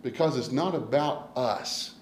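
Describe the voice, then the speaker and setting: A man preaching a sermon as pastor, swinging from hushed asides to loud, emphatic declarations. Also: mid-range voice, a little slow, roomy sound, a little hiss or hum, rough recording. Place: church sanctuary.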